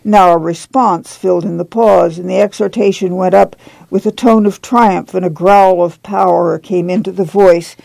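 A measured audiobook narrator with a gravelly, mellow voice. The reading is steady and unhurried, and the recording is close and dry. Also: mid-range voice, no echo, low-quality recording.

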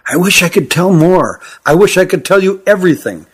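A man's voice: high-pitched, animated, fairly quick, husky, pitched above the performer's own voice. A man voicing an urgent, frightened young fugitive. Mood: secretive pleading. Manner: urgent, hushed, pleading. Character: sturdy young male creature, frightened, urgent and secretive. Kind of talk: audiobook character voice.

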